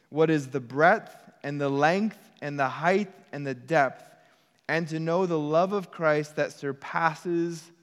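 A long reverb tail hangs on this pastor's slightly high voice as he preaches. He delivers his sermon earnestly and conversationally, slipping in casual asides to the congregation.

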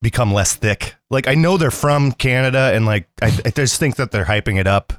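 A man's voice: medium pitch, a little fast, no echo. A man in casual chat, asking loose, curious follow-up questions.

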